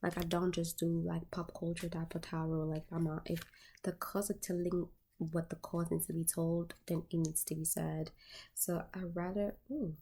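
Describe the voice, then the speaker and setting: A woman's voice: lowish voice, level tone, moderate pace, warm tone. A woman tarot reader chatting casually to her viewers, candid and profane, full of filler words.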